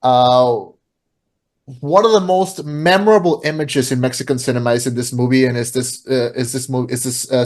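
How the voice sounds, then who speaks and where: A man's voice: medium pitch, a little mellow. A podcast co-host chatting casually as he retells a film's plot, with many fillers and restarts.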